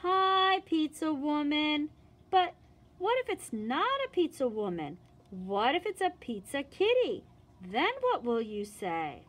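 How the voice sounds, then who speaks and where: A woman leads a children's storytime, reading aloud and singing with a sing-song lilt. Her voice is high and swoops widely. She talks slowly and speaks straight to the young listeners. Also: huge pitch swings, breathy edge. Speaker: children's librarian.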